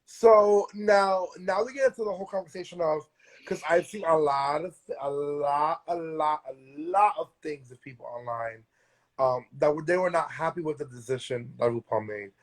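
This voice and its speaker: Young man, slightly high voice, chatty slangy storyteller on a phone live stream. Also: moderate pace. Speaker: drag performer hosting a live stream. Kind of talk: casual live-stream chat.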